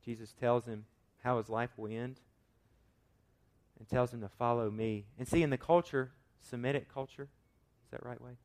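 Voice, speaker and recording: A man preaching a sermon, swinging from loud emphatic points to quiet asides and asking his listeners rhetorical questions. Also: mid-range voice, steady tone, normal speed. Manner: acts out quoted voices with rhetorical questions. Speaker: pastor.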